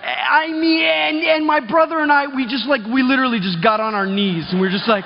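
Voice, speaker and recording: Man, conference speaker, high voice, loose storytelling, muffled recording in a reverberant hall. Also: brisk, vocal fry, hardly any pauses, noisy background. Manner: chatty, quizzes the crowd, many restarts. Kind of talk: storytelling talk to a live audience. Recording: dull sound, reverb of a big hall.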